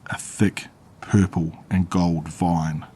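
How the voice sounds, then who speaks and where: A man narrating a horror story in a calm, measured way. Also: deep voice, slightly rough.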